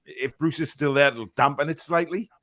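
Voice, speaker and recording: A young man hosting a casual fan podcast, reading viewer comments aloud with lots of fillers and quick reactions. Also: a little high, fairly bright tone.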